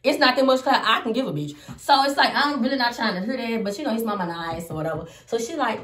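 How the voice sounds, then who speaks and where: Animated, foul-mouthed woman telling a story in an echoey room. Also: fast talker, few pauses, recorded from a distance. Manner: animated, profane, swings between loud outbursts and low asides. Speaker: comedian telling a personal story. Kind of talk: casual storytime vlog.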